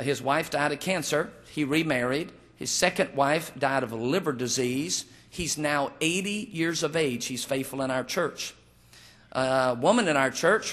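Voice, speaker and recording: Preaching a funny sermon, this pastor tells homespun stories laced with jokes and performs the voices of those he quotes. He speaks in a slightly high, somewhat bright voice.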